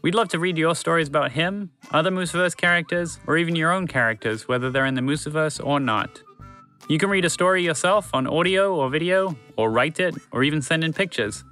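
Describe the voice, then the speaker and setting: A man host narrating a children's story podcast in a clear, steady, friendly read. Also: fairly high pitch, fairly quick, soft background music.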